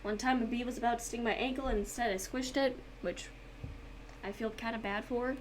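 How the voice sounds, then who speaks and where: This art and gaming YouTuber, a young woman, draws live while chatting, reading out chat messages, and breaking into dramatic outbursts mid-story. She speaks briskly in a fairly high, steady voice, with faint noise in the background.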